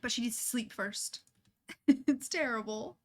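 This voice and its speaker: A woman's voice: a little high, slow pace, darkish tone. A young woman chatting casually as she streams a life-sim game, talking to her characters and laughing often. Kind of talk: casual gameplay commentary.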